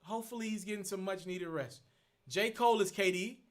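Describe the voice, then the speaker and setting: This live stream host answers viewers' questions by reasoning aloud and restating his points, sounding earnest and casual. He speaks in a high-pitched voice at a fairly quick pace.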